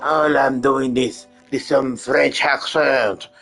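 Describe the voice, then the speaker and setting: Man, casual gameplay commentary, slow, halting and rambling, many restarts, faint game music. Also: medium pitch, fairly even intonation, fairly bright tone. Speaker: gaming channel host.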